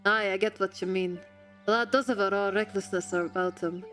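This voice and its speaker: A gruff older rat warrior with a burr, put on by a woman reading a game aloud. He speaks kindly and reflectively, at a middling pitch, with soft game music playing behind. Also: fairly even intonation, moderate pace, close to an everyday voice. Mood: thoughtful.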